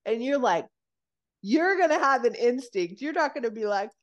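A woman guest on a podcast explaining nervous system regulation in casual chat, animated and swearing freely as she acts out quoted voices. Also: a little high, moderate pace.

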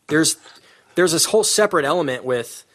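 A man with a bright, forward voice hosting a casual film review podcast. He talks in an animated, opinionated way and often laughs mid-sentence, with casual, rambling delivery. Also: on the high side, a little fast. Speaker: podcast host. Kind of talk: casual movie review chat.

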